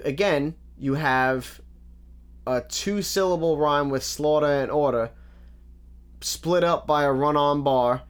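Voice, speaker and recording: A man's voice: fairly high pitch, smooth. A man giving a casual, methodical spoken breakdown of rap verses. He quotes lines back and keeps coming back to "again.". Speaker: rap lyric reviewer.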